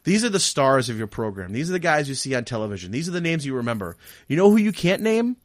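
A man chatting on a podcast, animated and argumentative, teasing his co-hosts and often restarting his sentences as he pushes his point. His voice sits at an ordinary pitch. The recording is close and dry. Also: quick pace, no echo. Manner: rambling with many restarts. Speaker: podcast co-host. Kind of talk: casual chat.

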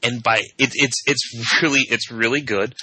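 Bright-voiced joking male podcast co-host. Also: mid-range voice, fairly even intonation, moderate pace, breathy edge, dry recording, low-quality recording. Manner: joking, rambling with restarts. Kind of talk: casual chat.

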